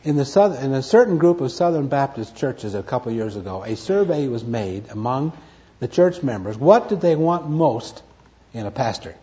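A man leads a Bible study lecture, leaning hard on key words and repeating them for his listeners. His voice is mellow and dark, rising and falling with lively swings in pitch. The recording sounds dull and lo-fi. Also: normal speed. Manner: emphatic, repeats key words, asks and answers his own questions. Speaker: Bible teacher.

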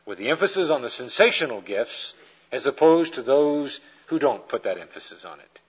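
A man's voice: medium pitch, normal speed, husky, highs cut off. A man preaching a lecture-style sermon, telling illustrations and acting out the people in them. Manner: animated storyteller acting out quoted characters.

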